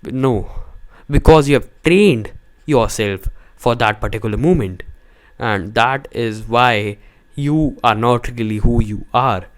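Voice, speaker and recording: A man's voice: medium pitch, takes it slowly. A young man talking to camera in a rambling way, full of fillers, restarts and stressed words. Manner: stresses single words for emphasis. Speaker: vlogger. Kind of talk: casual talk to camera.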